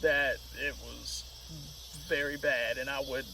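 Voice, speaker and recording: A man on a podcast telling casual, profane, animated stories. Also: mid-range voice, takes it slowly, distant mic, a little hiss or hum, low-quality recording. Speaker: podcast co-host. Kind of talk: casual storytelling chat.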